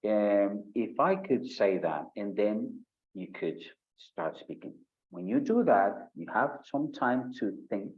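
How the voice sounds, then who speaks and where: Slow-talking Paisa-accented man teaching. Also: muffled recording. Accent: Colombian Spanish, Paisa. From Colombia. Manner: animated, acts out sample answers with shifting pitch. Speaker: IELTS speaking tutor. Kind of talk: live online lesson. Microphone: video call.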